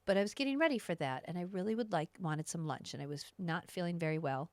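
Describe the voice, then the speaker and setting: A woman podcast host and astrologer telling a personal story in a casual, animated, self-mocking way, often laughing. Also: on the low side, quick pace, no room sound.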